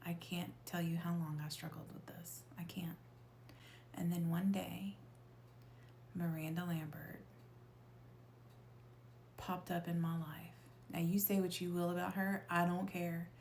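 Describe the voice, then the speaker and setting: A woman with a low, gravelly voice tells a personal story in a confessional way. Her delivery stays on a narrow pitch range, and she often sinks into a near-whisper, swearing now and then for emphasis. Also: level tone, a little slow, pauses often, darkish tone, a little hiss or hum. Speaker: storyteller sharing a personal experience.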